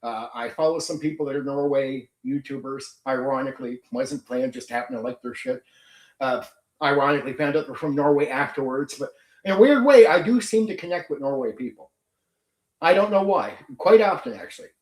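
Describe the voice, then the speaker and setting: Medium-pitched and brisk, this middle-aged channel host sounds reverberant as he runs a casual live chat. The session is a blunt rant full of swearing.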